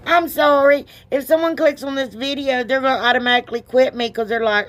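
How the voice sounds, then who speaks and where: A woman's voice: on the high side, moderate pace, fairly bright tone. A woman, chatting her way through a craft tutorial in a rambling, self-deprecating way and laughing often. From United States. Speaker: craft vlogger. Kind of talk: casual craft tutorial chat.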